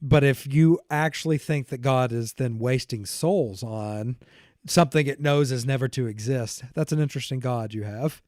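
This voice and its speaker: A man's voice: medium pitch, moderate pace, darkish tone, dry recording, clean studio sound. A man hosting a podcast, talking casually and thinking aloud, laughing often between points. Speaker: podcast host.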